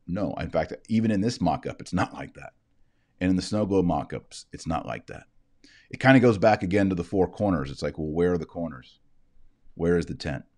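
A man with a notably low voice lectures on scripture from his desk. He explains in an easygoing, conversational way, posing rhetorical questions and then answering them. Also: lively intonation, brisk, darkish tone. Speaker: Bible teacher. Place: indoors, seated at a desk with a shared screen.

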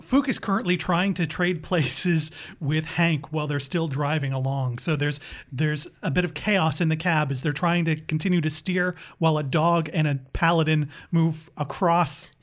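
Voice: mid-range voice, moderate pace. A player casually describing their character's actions in a tabletop game.

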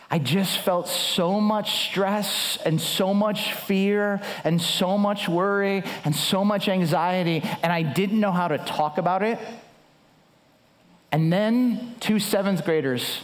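Guy pastor preaching, high-ish voice, keeps restarting, lively storyteller. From United States. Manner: animated storyteller with repeated restarts. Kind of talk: sermon with storytelling.

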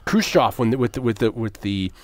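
A man's voice: mid-range voice, animated, brisk. A man talks through a film scene by scene in loose, casual podcast chat. He rambles and restarts, with plenty of fillers and the odd curse. The sound is dry, with no room echo. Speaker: podcast co-host. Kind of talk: casual movie discussion.

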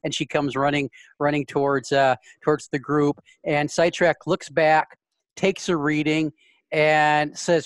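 A man narrating his part in a tabletop game, halting and repeating words as he goes. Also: a little high, flat delivery, dry recording. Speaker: player.

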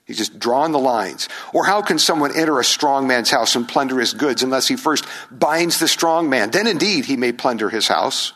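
A male pastor preaching a sermon, animated, asking the congregation rhetorical questions and acting out crowd voices. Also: mid-range voice, normal speed, hardly any pauses.

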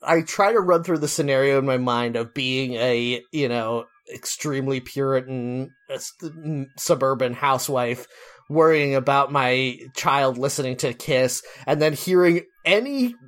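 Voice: medium pitch, measured pace, fairly bright tone. Ranting, swearing podcast co-host. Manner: ranting, swearing, breaks into laughter. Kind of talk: casual comedic chat.

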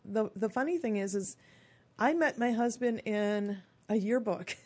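A woman in her fifties, a radio show guest, telling her own story in a chatty, expressive way and acting out quoted lines. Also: a little high, a little slow, breathy edge. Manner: chatty and expressive, acts out quotes in lively voices.

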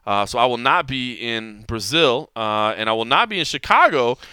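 A man in his forties hosting a podcast, telling stories in a rambling, animated way with frequent restarts. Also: medium pitch, normal speed, smooth, no room sound, clean studio sound. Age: 40s. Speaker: podcast host. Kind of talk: casual chat.

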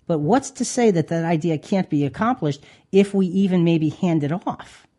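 A man's voice: on the high side, normal speed, warm tone. A man hosting a Christian talk radio show, talking earnestly with many restarts. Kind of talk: casual radio chat.

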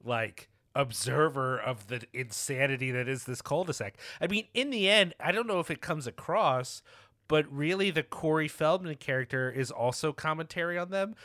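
Male co-host, bright edge, dry close sound, chatty and rambling. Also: on the high side, normal speed, dry recording. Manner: rambling, hesitant restarts, laughs. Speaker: podcast co-host. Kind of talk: casual movie discussion.

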